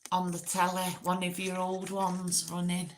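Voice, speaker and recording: A woman's voice: on the low side, completely flat delivery, a little slow, a little hiss or hum. A woman hosting a casual, rambling live chat with viewers, giggly and self-deprecating. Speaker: livestream host.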